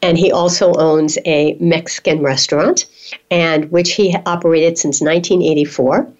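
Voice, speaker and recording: A woman hosting a radio interview, introducing her guest and responding with lively enthusiasm. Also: sits low, moderate pace. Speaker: radio show host. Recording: dull lo-fi sound.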